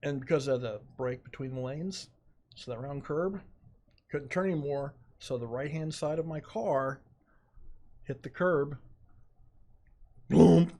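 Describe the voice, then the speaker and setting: A middle-aged man, a podcast guest, telling a story in animated, dramatic fashion with quoted asides. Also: fairly high pitch, measured pace, pauses often. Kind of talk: casual storytelling.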